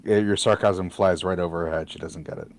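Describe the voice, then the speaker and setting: Male player, low voice, careful descriptions with pauses; faint music behind. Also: fairly even intonation. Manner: thoughtful, measured, with hesitations. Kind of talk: describing a character's actions in a tabletop game.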